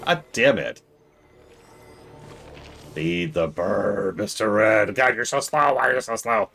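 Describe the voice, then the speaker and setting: A man streaming a game, commenting live and exasperatedly scolding the characters on screen, switching between loud outbursts and low muttering. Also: slow pace, creaky, soft background music.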